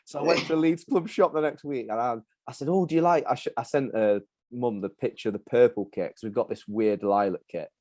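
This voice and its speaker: A man from Lincolnshire, England hosts a podcast, talking a little fast with hardly any pauses in a medium-pitched, slightly mellow voice. His chat is upbeat and matey, coloured by a mixed Midlands and Yorkshire accent.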